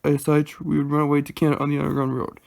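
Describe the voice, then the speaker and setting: A man voicing a grown man fleeing slavery, wary but gentle, in a storybook read-aloud, with a deep, drawling voice. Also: completely flat delivery, rapid-fire, creaky.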